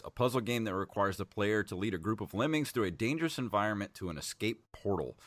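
A man's voice: lowish voice, fairly bright tone, no room sound. A man in his thirties co-hosting a casual podcast, talking in a laid-back, rambling way with lots of fillers. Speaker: podcast co-host, game reviewer.

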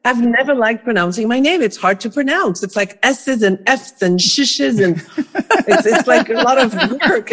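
A woman's voice: fairly high pitch, expressive, moderate pace, fairly bright tone. A woman with a French accent, a podcast guest who talks in a bubbly way and laughs often.

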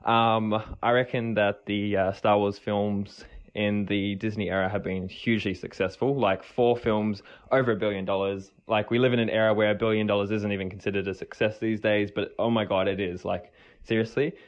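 A man's voice: fairly low pitch, little pitch movement, normal speed. A man from New Zealand talks casually into a voice message, wandering from point to point with plenty of ums. The sound is a bit dull and lo-fi, like a recording sent in from a phone. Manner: rambling, lots of fillers and restarts. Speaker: listener sending a voice message.

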